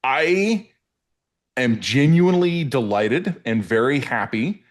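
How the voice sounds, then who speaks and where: A man's voice: mid-range voice, animated, slow. A Canadian man in his forties hosting a political podcast, reflective and wry, with frequent restarts. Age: 40s. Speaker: podcast host. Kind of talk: casual political talk.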